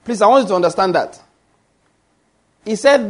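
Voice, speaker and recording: Emphatic high-voiced preacher. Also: male voice, animated, brisk, long pauses. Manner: emphatic, repeats lines for stress. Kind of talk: sermon.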